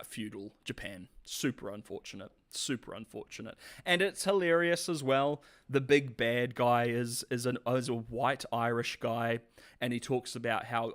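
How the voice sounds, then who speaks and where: A man streaming live, chatting casually with viewers and rambling sarcastically with frequent restarts. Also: mid-range voice.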